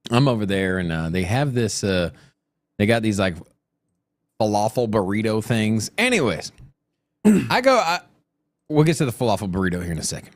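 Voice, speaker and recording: A man's voice: fairly low pitch, big pitch swings, moderate pace, pauses often, dry recording. A man co-hosting a casual chat, telling a long rambling story, laughing often and talking loosely. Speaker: co-host.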